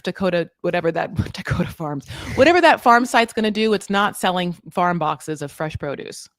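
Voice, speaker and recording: Low-voiced woman hosting a casual recap. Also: normal speed, dry recording, clean studio sound. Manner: animated, mimics people she quotes. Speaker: host.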